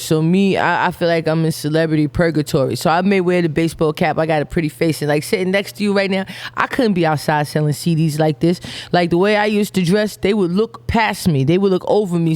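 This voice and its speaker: A woman's voice: fairly low pitch, fast, few pauses, darkish tone. A woman rapper being interviewed, talking bluntly and jokingly in casual slang.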